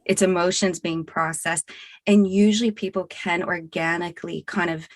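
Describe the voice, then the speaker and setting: A woman clinician with a somewhat low voice, explaining in a calm, gentle way. The sound is dry and close, with no room around it. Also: normal speed, no room sound. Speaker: guest clinician. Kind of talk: casual panel discussion.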